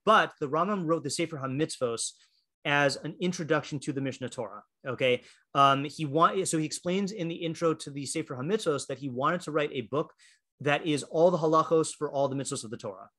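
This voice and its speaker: A man's voice: a little high, fairly bright tone. A man teaching a Torah class in a casual, chatty way, full of fillers and restarts, reading passages aloud and explaining them.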